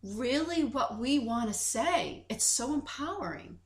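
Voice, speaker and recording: A woman's voice: on the high side, measured pace. A woman co-hosting a podcast in casual chat, telling stories animatedly and acting out quoted dialogue. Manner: animated storytelling, acts out quoted dialogue, many restarts. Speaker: podcast co-host.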